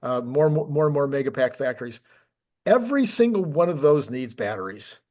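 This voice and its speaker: A man's voice: mid-range voice, expressive, a little fast, darkish tone. A man with an ordinary mid-range voice co-hosts a casual tech talk. He rambles with enthusiasm, restarting phrases and piling up questions as he goes. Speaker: podcast co-host.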